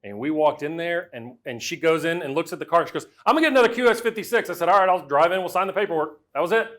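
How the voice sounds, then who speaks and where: A middle-aged man giving a lively storytelling talk, swinging from loud to quiet as he acts out the voices he quotes. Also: fairly high pitch, fast. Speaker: speaker.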